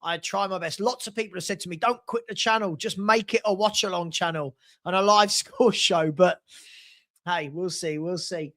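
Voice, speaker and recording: A man's voice: sits high, moderate pace, fairly bright tone. A middle-aged man from South London with a London accent, hosting a casual live-stream football chat and reading out scores and viewer messages.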